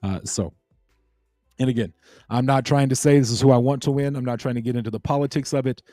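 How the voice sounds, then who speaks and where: A man's voice: medium pitch, fairly even intonation, quick pace, dark tone, no room sound, clean studio sound, soft background music. A man hosting a casual crypto livestream, rambling and laid-back as he chats with viewers. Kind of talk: casual late-night livestream chat.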